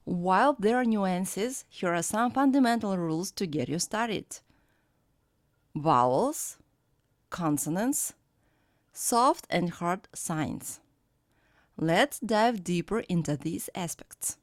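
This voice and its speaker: Slow, careful woman teacher. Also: fairly low pitch, expressive, dry recording, clean studio sound. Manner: slow, careful, clearly pronounced examples. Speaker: language teacher. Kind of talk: scripted pronunciation lesson.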